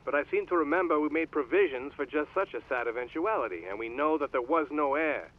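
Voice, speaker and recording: A man doing a brisk lawyer over a tinny phone. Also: a little high, expressive, close to an everyday voice. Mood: businesslike. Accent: American, overdone. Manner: brisk, businesslike, dismissive. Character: brisk male company lawyer on a phone call. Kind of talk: game voice acting.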